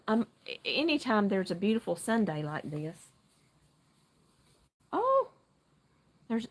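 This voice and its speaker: Chatty excitable middle-aged woman. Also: mid-range voice. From North Carolina. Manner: chatty, excitable, greets viewers by name. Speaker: livestream host. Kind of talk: casual live chat while knitting. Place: outdoor deck at home.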